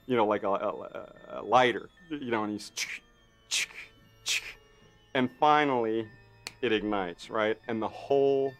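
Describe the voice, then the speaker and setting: A man in an interview telling a behind-the-scenes story, animated and acting out what others said, with lots of "you know". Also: on the low side. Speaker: interviewee recounting film work.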